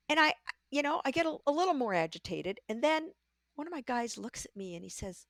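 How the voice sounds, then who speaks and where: An older woman, a podcast guest, telling candid stories about her career in a lively way and acting out the voices she quotes. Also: high-pitched, fairly quick, no room sound, clean studio sound. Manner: lively storyteller who acts out quoted voices. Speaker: podcast guest, leadership coach. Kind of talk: candid conversational storytelling.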